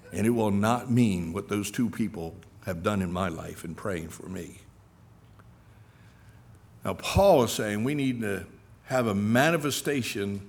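A man's voice: creaky, slightly rough. A middle-aged male pastor preaching a sermon with earnest emphasis, telling personal stories and reading scripture. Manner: earnest preaching, with rises in pitch and loudness for emphasis; acts out quoted speakers while telling stories.

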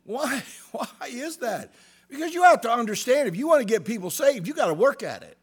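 A middle-aged male pastor preaching a sermon, swinging between loud emphatic bursts and hushed asides, asking the congregation "amen?". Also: extremely high pitch, animated, a little fast, husky.

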